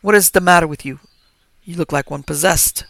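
A man's voice: fairly high pitch, a little fast, creaky, fairly bright tone, no room sound. A man voicing an anxious, insistent police chief who presses with urgent questions.

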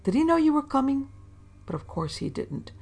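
A woman voicing a formal, courteous older gentleman welcoming a guest in a storybook reading. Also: high-pitched, sing-song, normal speed, pitched above the performer's own voice.

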